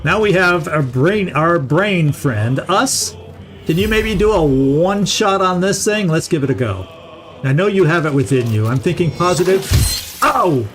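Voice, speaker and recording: A middle-aged man talks casually over his gameplay in a slightly higher voice. He thinks aloud and repeats words as he restarts his thoughts. Faint music plays beneath him. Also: animated, normal speed. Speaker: gaming channel host. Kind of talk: casual let's-play commentary.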